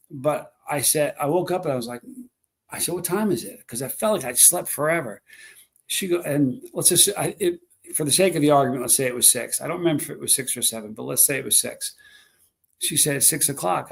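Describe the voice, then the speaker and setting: A man hosting a live stream, rambling through stories and chatting with viewers. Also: fairly high pitch. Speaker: livestream host. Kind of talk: casual live stream chat.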